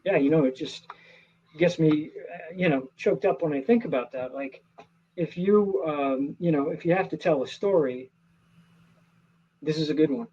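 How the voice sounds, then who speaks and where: A middle-aged man, an actor, telling stories in a casual interview, earnest and animated with many restarts. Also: fairly high pitch, moderate pace, slightly rough, highs cut off.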